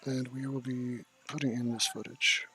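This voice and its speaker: A man's voice: mid-range voice, level tone, normal speed, bright, forceful tone, slightly rough. A man doing casual live-stream commentary as he reacts to clips, sarcastic, profane and mocking.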